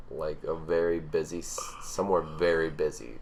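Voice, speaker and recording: A young man with a very low voice co-hosts a casual podcast, ribbing his friend in a dry, teasing way. A faint hiss sits under the recording. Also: level tone, normal speed, gravelly. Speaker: podcast co-host.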